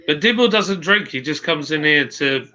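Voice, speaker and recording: Bloke chatting on a stream, bright punchy voice, slightly higher pitch. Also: male voice, lively intonation, moderate pace. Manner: chatty, laughing, reads chat aloud. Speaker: host. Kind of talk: casual livestream chat reading viewer comments. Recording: dull lo-fi stream audio.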